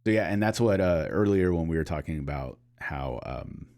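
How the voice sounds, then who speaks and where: A man's voice: very deep voice, expressive, moderate pace, darkish tone. A man co-hosting a gaming podcast, chatting casually and rambling with lots of fillers and restarts. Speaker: podcast co-host. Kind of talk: casual chat.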